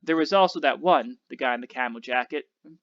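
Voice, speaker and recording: A man's voice: mid-range voice, a little fast, fairly bright tone, no room sound, natural voice. A man reading aloud gives voice to a male sniper with a Southern accent. He drawls in a laid-back way, on a slightly dull recording. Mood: casual report. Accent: American Southern (put on).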